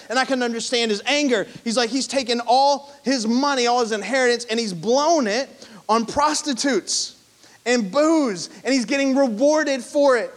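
A man's voice: extremely high pitch, normal speed. A man in his thirties preaching a sermon in a church, conversational, slipping into quoted voices. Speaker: pastor.

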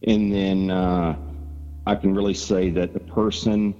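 A man's voice: sits low, flat delivery, unhurried, mellow, soft background music. A man from Georgia with a Southern accent, chatting folksily as a guest and sharing his testimony. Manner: folksy, joking, chatty with fillers. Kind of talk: casual testimony chat. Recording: dull lo-fi sound with long reverb.

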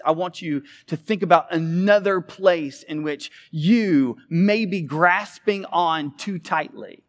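A pastor delivers a sermon in a voice pitched a little above the usual for a man. He preaches with animation, swinging between loud, emphatic peaks and quiet, low asides.

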